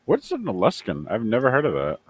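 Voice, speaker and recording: A man's voice: medium pitch, huge pitch swings, fairly quick, breathy edge. A man playing a tabletop game, teasing and joking with the game master. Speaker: player. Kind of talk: casual tabletop play.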